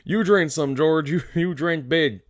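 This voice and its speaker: A man voicing a big, slow, childlike male farmhand who talks eagerly and stammers. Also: on the high side, dry recording, studio quality, voice pushed up, natural voice. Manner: eager, stammering, simple-minded.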